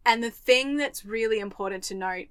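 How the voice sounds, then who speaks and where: An Australian woman co-hosting a podcast, telling a travel story in lively detail and acting out the voices she quotes. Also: a little high, normal speed, clear, resonant tone, no room sound. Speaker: podcast co-host. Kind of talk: casual chat, storytelling.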